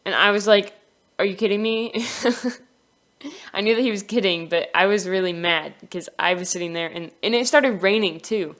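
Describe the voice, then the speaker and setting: A woman's voice: on the low side, steady tone, normal speed, fairly bright tone. A young woman casually telling a personal story for her animation channel, giggling often and acting out the quoted lines.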